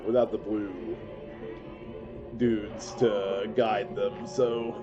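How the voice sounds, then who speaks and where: Man streaming a game, congested and coughing, relaxed chatty talk, dull lo-fi sound, music playing underneath. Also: fairly low pitch. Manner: relaxed, chatty, self-mocking jokes. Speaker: gaming streamer. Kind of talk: casual live-stream commentary.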